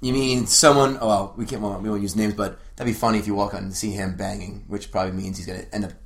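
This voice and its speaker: A man's voice: lowish voice, steady tone, fast talker. A man co-hosting a casual chat, teasing the others with crude jokes.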